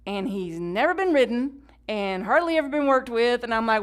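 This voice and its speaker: Preaching at a moderate pace, a woman pastor with an expressive, high-leaning voice alternates between emphatic loud passages and hushed whispers. Call-and-response with the congregation and conversational asides fill out her sermon.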